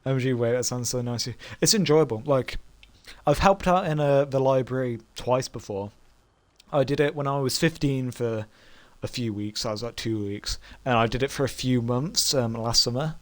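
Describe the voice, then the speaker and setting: A man's voice: mid-range voice, normal speed. Young man chatting while gaming. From Britain. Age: young adult. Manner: rambling, laughs often, many fillers. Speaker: game streamer. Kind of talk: casual chat while gaming.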